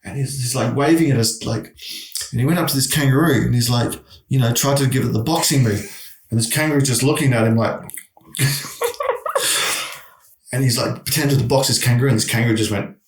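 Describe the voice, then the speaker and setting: A man's voice: mid-range voice, brisk, long pauses, distant mic. A middle-aged man, telling a long story in casual chat, with many restarts. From Australia. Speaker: guest. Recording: echoey room.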